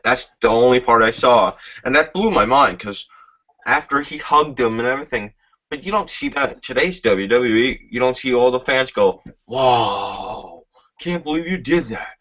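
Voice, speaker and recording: A man's voice: medium pitch, normal speed, sharp tone. A man in a casual chat, rambling and profane, often groping for names mid-sentence. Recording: dull lo-fi.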